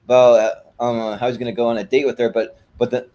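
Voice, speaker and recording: A man's voice: medium pitch, flat delivery, quick pace, dark tone. A man co-hosting a casual podcast, rambling through scene retellings with lots of restarts and "like". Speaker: co-host.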